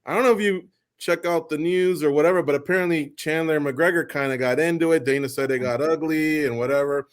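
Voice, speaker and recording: A man's voice: fairly high pitch, fast talker. A man hosting a radio show, asking long, winding questions in a chatty way and wrapping up the interview.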